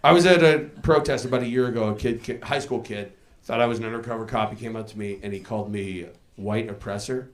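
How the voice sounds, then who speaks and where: A man's voice: lowish voice, fast. A man doing dry stand-up on a club stage, dropping to mumbled asides. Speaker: stand-up comedian. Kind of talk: stand-up set.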